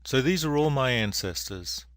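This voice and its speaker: A man, an engineering professor, giving a public award lecture in a measured, dry storytelling manner. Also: mid-range voice, animated, fairly bright tone, no echo. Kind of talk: public lecture with a told fable. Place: lecture venue.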